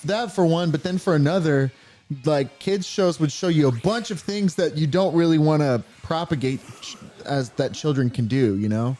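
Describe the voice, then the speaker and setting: A young man co-hosting a casual chat over a video game, telling stories with lively flair. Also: a little high, normal speed, faint music behind. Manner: animated storyteller, acts out voices in bursts. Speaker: co-host. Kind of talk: casual chat while gaming.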